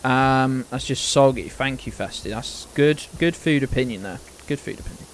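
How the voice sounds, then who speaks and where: A man's voice: medium pitch, normal speed, a little hiss or hum. Rambling British man streaming a game. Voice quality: rambling, swears casually, trails off into mumbles. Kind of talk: casual gaming chat.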